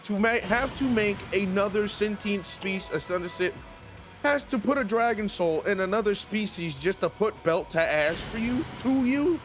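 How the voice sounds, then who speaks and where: Animated, profane male streamer. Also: sits high, normal speed, faint music behind. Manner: animated, profane, laughing often. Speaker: streamer host. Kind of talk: casual livestream chat.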